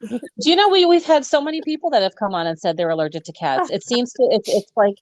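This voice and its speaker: A woman's voice: a little high, lively intonation, fast, dry recording. Chatty woman from upstate New York. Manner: chatty, stumbling restarts, self-deprecating. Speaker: podcast co-host. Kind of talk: casual podcast chat.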